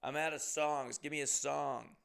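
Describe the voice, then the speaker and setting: A man's voice: fairly high pitch, fairly even intonation, a little slow, creaky, fairly bright tone, clean tone, exaggerated voice. A man voicing a pushy old male bar regular who makes blunt demands. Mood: demanding.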